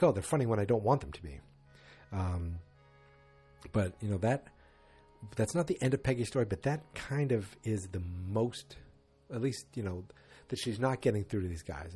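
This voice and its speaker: Husky-voiced man rambling through a recap. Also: lowish voice, mellow. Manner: rambling, loose and chatty with frequent restarts. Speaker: podcast host. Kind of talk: casual solo episode recap.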